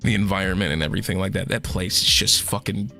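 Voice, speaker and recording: A man streaming a casual chat, excitable and swearing often, his voice going hoarse. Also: low voice, fast, faint music behind.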